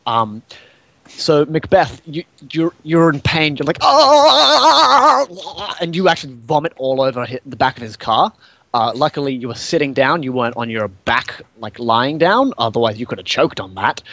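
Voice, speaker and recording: A man's voice: mid-range voice, normal speed, no room sound, muffled recording. A man running a tabletop role-playing game as game master, narrating events with frequent swearing and laughter. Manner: animated, swears often, laughs a lot.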